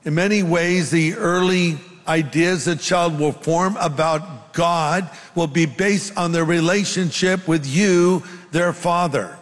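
A man's voice: on the high side, slow, few pauses. An older man preaching a sermon in an earnest, conversational way, with asides to the congregation. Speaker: pastor. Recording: long hall reverb.

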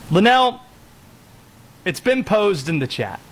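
A man's voice: sits high, big pitch swings, drawn-out words, a bit bright, slight background noise. A man hosting sports talk radio, dry and teasing, steering each segment along.

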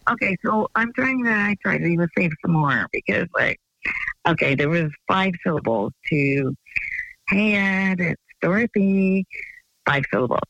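A woman's voice: lowish voice, animated, normal speed, gravelly, a bit bright, no echo. A woman calling in to a radio show on the phone, chatting in a rambling, giggly way. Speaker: radio call-in caller. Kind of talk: casual phone chat. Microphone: phone line. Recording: lo-fi phone call.

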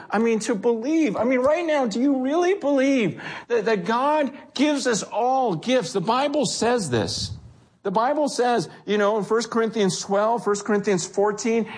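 A man preaching a sermon in a conversational, animated way, acting out quotes and often restarting his sentences. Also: high-pitched, breathy edge. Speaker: pastor.

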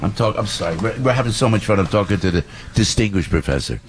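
Man, radio talk host, husky voice, lively swinging pitch. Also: quick pace. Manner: animated storyteller, laughs often. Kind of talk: morning radio banter.

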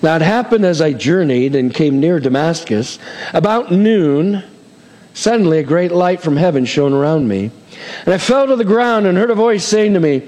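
A pastor preaching a sermon, reading scripture aloud and acting out the characters with shifting voices. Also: male voice, a little high, animated, normal speed, a little mellow, long reverb tail.

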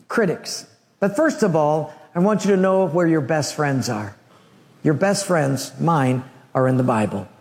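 A man preaching a sermon, telling a Bible story in an animated way with humorous asides. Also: high voice, in a large hall. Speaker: pastor.

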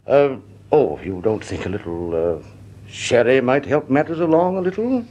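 A man's voice: mid-range voice, animated, normal speed, warm tone, natural voice. An actor playing a genial, bumbling older company chairman in a vintage radio drama, flustered and hesitant. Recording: dull lo-fi old radio recording.

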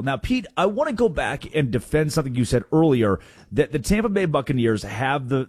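A man hosting a sports talk radio show, animated and quick to jump in, often repeating himself. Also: mid-range voice, dry recording, studio quality.

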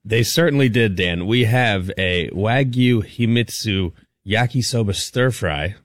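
An easygoing man with a fairly low voice, bantering on a radio show. The sound is dry and close. He is a bit stubborn in a joking way. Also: measured pace, no echo. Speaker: show regular reading the menu. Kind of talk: casual studio banter.

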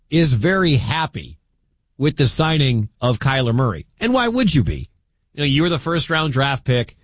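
A man's voice: mid-range voice, fairly bright tone, dry recording. A man hosting a sports talk radio show, giving opinionated commentary and talking straight to his listeners in an argumentative way.

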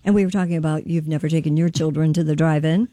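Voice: medium pitch, steady tone, fast talker, dark tone, dry recording. A radio co-host in casual morning chat, upbeat and reading news items aloud.

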